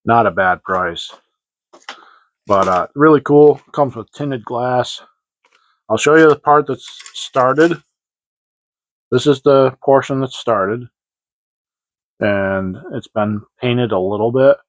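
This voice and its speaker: This model-kit vlog host speaks slowly in a medium pitch, leaving long pauses. Casual and rambling, he hesitates a lot, with plenty of fillers and restarts, and the show-and-tell is captured in dry, slightly dull lo-fi sound.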